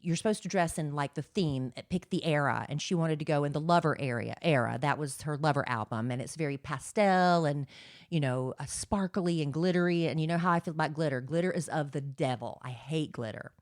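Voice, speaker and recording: A woman's voice: sits low, fairly quick, darkish tone, no echo, studio quality. A woman in her forties co-hosting a podcast, telling a long story in a chatty way with lots of fillers. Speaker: podcast co-host. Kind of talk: casual chat.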